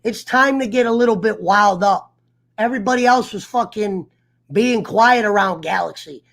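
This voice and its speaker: A man's voice: high voice, moderate pace, vocal fry, a bit bright. A man hosting an online sports talk show, telling a heated story in a profane, fired-up rant. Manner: profane, fired-up storyteller who mimics others. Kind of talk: casual livestream rant.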